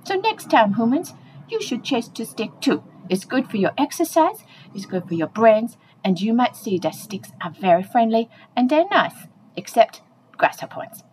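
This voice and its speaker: A woman's voice: a little high, big pitch swings, normal speed, darkish tone, slight background noise, poor audio. A woman voicing a playful, chatty pet dog, speaking straight to the listeners in a comic monologue.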